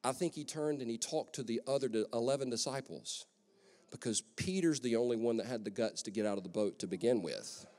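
A man preaching a lively sermon as pastor, conversational and joking, in a large church hall. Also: medium pitch, brisk. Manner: energetic, conversational, joking asides. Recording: long echo of a church hall.

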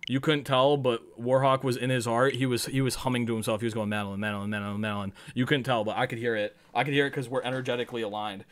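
A man's voice: mid-range voice, steady tone, fast talker, hardly any pauses. Jokey, profane man streaming a game. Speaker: livestreamer. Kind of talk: casual gaming livestream chat. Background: game music.

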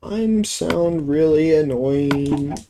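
A let's play gamer speaks extremely slowly in a fairly high-pitched voice, giving rambling, casual gameplay commentary and cursing whenever he's exasperated. Recorded on a cheap home microphone, the clip has background noise and background music.

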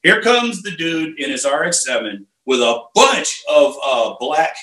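A man in his fifties, a martial arts instructor, telling stories in a casual and animated way. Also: a little high, a little slow. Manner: animated, acts out quotes, many fillers. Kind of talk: casual storytelling. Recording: roomy echo.

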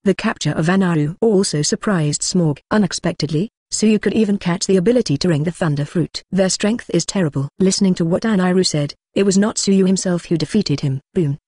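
Steady synthetic audiobook narrator, dry sound. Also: mid-range voice, fairly quick, hardly any pauses, slightly rough, no room sound. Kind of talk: scripted narration of a translated web novel.

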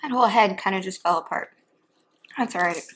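A woman's voice: mid-range voice, brisk, fairly bright tone, a little hiss or hum. A woman chatting casually between bites in a home eating video. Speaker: mukbang vlogger. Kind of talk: casual chat while eating.

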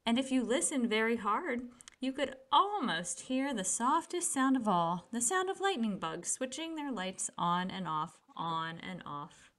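A woman reading a children's picture book aloud with gentle, expressive storytelling. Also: a little high, a little slow.

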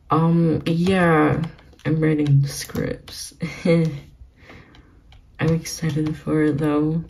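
A young woman vlogging as she plays a video game, giggly and gushing, often breaking into excited exclamations. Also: low voice, vocal fry, slight background noise, low-quality recording. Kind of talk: excited gaming vlog commentary.

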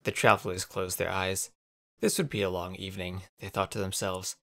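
A man narrating a scripted story in an even, measured read. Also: low-pitched, gravelly, no echo.

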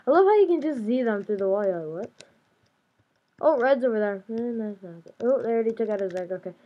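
A woman's voice: fairly high pitch, expressive, quick pace, warm tone, dull audio. A young woman casually commenting on her own video game play, chatty and playful, talking to herself as she goes. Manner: chatty, playful, talks to herself while playing. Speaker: gaming YouTuber. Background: keyboard and mouse clicks.

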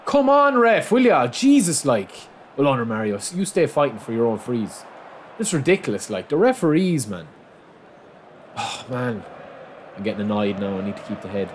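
A man giving excitable live commentary on his own football video game, reacting aloud and calling his viewers lads. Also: lowish voice, normal speed, pauses often. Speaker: gaming channel host. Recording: noisy game sound mix.

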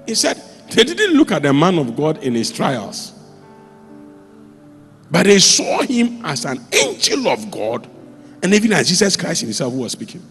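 Animated preaching man in a reverberant church. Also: moderate pace, soft background music. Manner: animated storytelling, with sudden jumps in pitch and volume. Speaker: pastor. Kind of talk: sermon.

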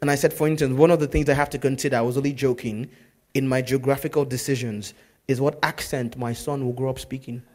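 A man preaching a sermon as pastor, telling stories in a lively way that swings from loud to hushed. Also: medium pitch, fast talker.

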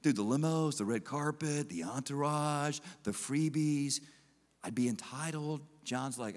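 A man preaching a sermon as pastor, animated and acting out biblical figures in quick asides, in a large church auditorium. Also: fairly high pitch. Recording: long hall reverb.

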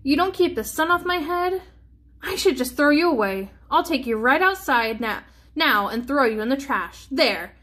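Reading a storybook aloud, a woman voices a grumpy old man who grumbles, mutters to himself, and scolds his worn-out hat. Her voice is high-pitched, expressive, and a bit bright, at a normal speed.

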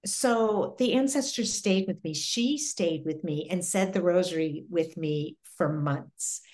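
Reflective woman with a low voice. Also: darkish tone. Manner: earnest, reflective, halting with pauses and restarts. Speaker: guest. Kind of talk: interview, personal storytelling.

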